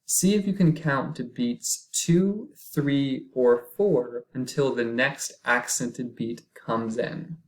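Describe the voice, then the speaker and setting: A man's voice: medium pitch, slow, hardly any pauses, low-quality recording. A man teaching a recorded music lesson, explaining patiently and counting beats aloud. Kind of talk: recorded lecture.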